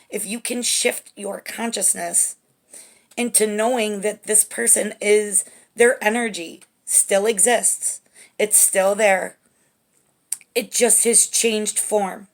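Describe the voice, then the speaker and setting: A woman giving a spiritual tarot reading to camera, gentle and reassuring, often checking in with "okay?". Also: mid-range voice, creaky. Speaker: tarot reader.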